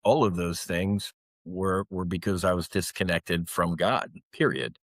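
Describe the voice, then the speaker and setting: A man's voice: low voice, measured pace, no room sound. A man in his fifties, a former fighter pilot, talking candidly and intensely in an interview, often restarting and then pushing words out with emphasis. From United States. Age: 50s. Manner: earnest, intense, with frequent restarts and emphatic rises.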